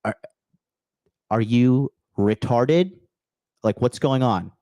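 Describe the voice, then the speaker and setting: Male podcast host, crude and emphatic, swears constantly, mid-pitched, recorded dry and close. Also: slow pace, pauses often, warm tone, no echo. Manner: blunt, crude, swears often, repeats okay; emphatic bursts, repeating key phrases. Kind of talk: profane motivational rant with chat replies.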